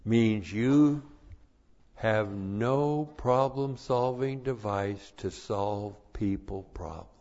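A man preaching a sermon, slow and deliberate, repeating his numbered points for emphasis. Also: lowish voice, a little mellow, highs cut off.

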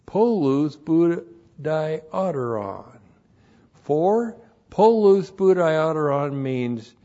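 Male Bible teacher, slightly high voice, very slow, drills numbered points, dull lo-fi recording. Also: mellow, slightly rough. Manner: methodical, repeats each numbered point slowly; spells out Greek words letter by letter. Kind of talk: Bible study lecture on Greek words.

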